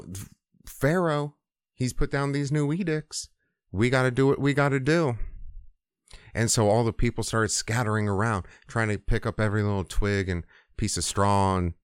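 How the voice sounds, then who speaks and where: A man's voice: on the low side, clean tone, dry recording, clean studio sound. A male podcast host retelling a story in a casual, profane, comedic way, with hesitant fillers.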